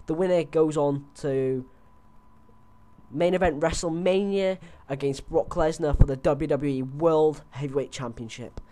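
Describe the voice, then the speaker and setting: Young guy rambling on a headset, voice sits a bit high, lots of ums and restarts. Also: a little slow, dark tone, a little hiss or hum. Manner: rambling, chatty, many fillers and restarts. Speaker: host. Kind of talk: casual wrestling predictions chat.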